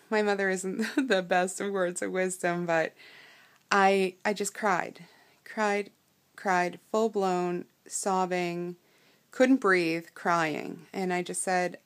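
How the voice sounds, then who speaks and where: Young woman vlogger, somewhat low voice, personal storytelling, halting, lots of ums, emotional. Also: creaky, a bit bright.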